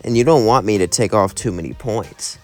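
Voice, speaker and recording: A man's voice: on the low side, fairly quick, a little mellow, natural voice. A man voicing a clingy, possessive young woman demon princess in a fan story, sweet on the surface. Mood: menacing. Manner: sweet voice hiding obsession.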